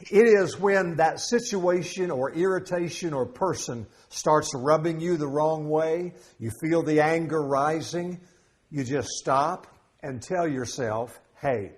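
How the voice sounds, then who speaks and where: A man's voice: on the high side, measured pace. A middle-aged man preaching a sermon as pastor, conversational and humorous, with jokes and asides. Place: church sanctuary.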